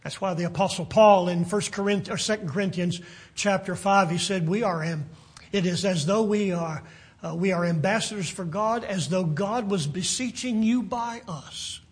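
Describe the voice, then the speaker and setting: A man preaching a sermon in an earnest, deliberate way, at times dropping almost to a whisper to stress a point. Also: sits high, slightly rough.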